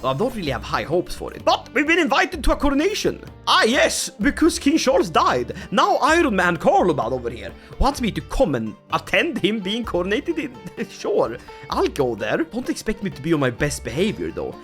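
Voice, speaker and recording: Wildly animated man playing a strategy game. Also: high voice, moderate pace. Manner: excitable, joking, often laughing. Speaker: gaming YouTuber. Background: faint music.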